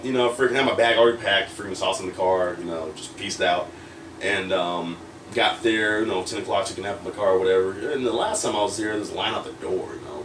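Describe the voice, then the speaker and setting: A man telling a story in a casual interview, rambling and full of fillers, acting out quoted lines. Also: low-pitched. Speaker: wrestler guest. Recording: roomy echo, distant from mic, faint noise.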